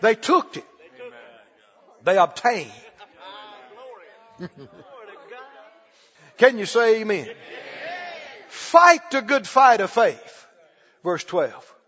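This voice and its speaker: A man preaching a sermon, emphatic, often shouting and repeating phrases. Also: high-pitched, animated, very slow, pauses often, long reverb tail, lo-fi sound.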